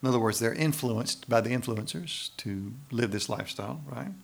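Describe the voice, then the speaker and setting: A man's voice: mid-range voice, normal speed, vocal fry. A man preaching a sermon, building emphasis and tossing in frequent questions to the congregation. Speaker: pastor.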